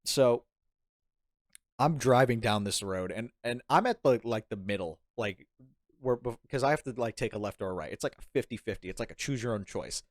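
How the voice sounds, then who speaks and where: Young man, casual storytelling, animated, laughs a lot, dry close sound. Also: medium pitch, moderate pace, no echo. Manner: animated, rambling, laughing, acts out quoted lines. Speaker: podcast guest.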